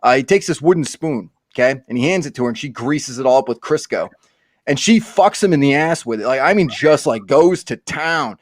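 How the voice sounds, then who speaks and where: A man's voice: mid-range voice, lively intonation, brisk, no echo, clean studio sound. A young man telling crude stories as a podcast host, swearing constantly and stammering through restarts. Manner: profane, ranting, stammering restarts. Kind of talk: crude comedic storytelling.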